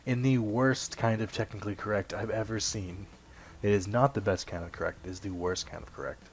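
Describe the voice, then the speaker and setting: A young man casually commenting while playing a video game, rambling and self-deprecating, swearing now and then and often clearing his throat. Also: fairly low pitch, fairly even intonation, fairly quick, slight background noise. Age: young adult. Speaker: let's play host.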